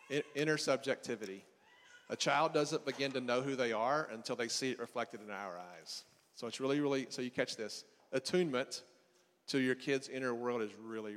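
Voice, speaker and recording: Man teaching casually in an echoing hall. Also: medium pitch. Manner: casual, conversational, with asides and quick restarts. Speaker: marriage and family counselor teaching a seminar. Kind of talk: faith-based teaching talk.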